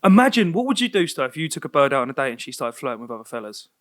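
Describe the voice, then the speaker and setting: A young man, co-hosting a podcast, chatty and slangy with animated storytelling. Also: mid-range voice, rapid-fire. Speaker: podcast co-host. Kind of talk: casual chat.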